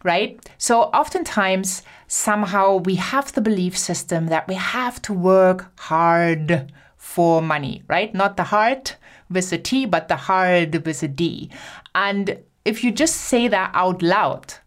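A woman's voice: lowish voice, a little slow. A woman with a German accent hosting her own podcast, talking alone to listeners in an upbeat, encouraging way and stretching words for emphasis. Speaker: podcast host. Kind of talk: solo podcast monologue.

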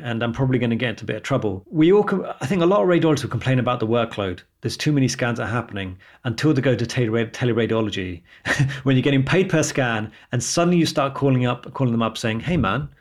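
A man, a radiologist, chatting casually on a podcast and telling animated stories with frequent laughs. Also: mid-range voice, fast. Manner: animated storyteller, laughs often.

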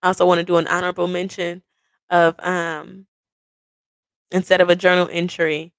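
A woman hosting a personal podcast, telling the story of her proposal to her partner in an animated, playful way. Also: lowish voice, moderate pace, smooth, no echo. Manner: animated, playful, acts out quoted voices. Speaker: podcast host.

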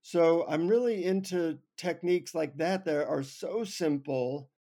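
A man on an interview show telling a funny personal story with lively, self-mocking humor. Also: fairly high pitch, a little slow. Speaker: guest. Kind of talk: anecdotal storytelling.

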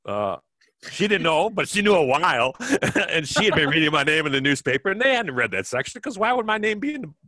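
A man's voice: a little high, big pitch swings, fairly quick, sharp tone, no room sound. A man in his fifties from Kenosha, Wisconsin, telling stories as an interview guest in a rambling way with many restarts. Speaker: guest, former track cyclist. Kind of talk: relaxed storytelling interview.

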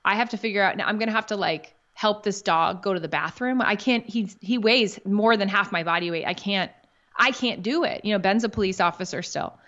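A woman's voice: medium pitch, a little fast, a bit bright. A woman in her thirties, a podcast guest, telling a personal story in a candid, emotional way and swearing casually. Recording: dull lo-fi audio.

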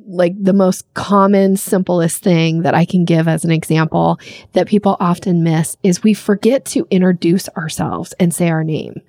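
A woman's voice: lowish voice, darkish tone, no echo, clean studio sound. A woman coaching on sales in a podcast interview, talking conversationally and acting out little scenes in other voices. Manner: conversational, uses "frankly" and "like" often.

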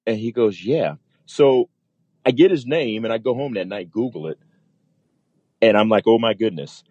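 A man's voice: fairly low pitch, animated, moderate pace, darkish tone, no echo, muffled recording. A man, a military pilot, telling a story in a casual interview and acting out the voices of the people in it.

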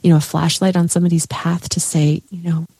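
A woman's voice: lowish voice, level tone, brisk, warm tone, slightly rough, dry recording, studio quality. A woman coach talking in a heartfelt, rambling way, with many fillers and restarts, in a podcast conversation. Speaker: guest, coach. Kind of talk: emotional conversational podcast chat.

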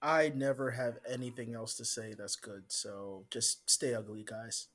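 A man's voice: medium pitch, steady tone, measured pace, a bit bright. A man co-hosting a podcast, teasing in dry, casual banter. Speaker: podcast co-host. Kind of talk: casual chat.

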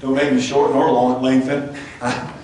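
A pastor with a mid-range, darkish voice preaches a sermon in a church sanctuary, his tone level and pace measured. Earnest, he often restarts and stumbles over his words. The audio is echoey, with a distant mic and faint noise.

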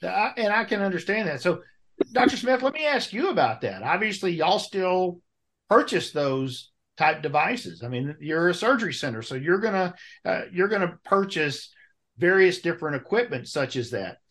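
A man's voice: high-pitched, moderate pace. A man hosting an interview, chatty, telling stories and asking his guests questions. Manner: chatty, lively storytelling, asks questions. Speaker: interview host. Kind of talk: conversational interview.

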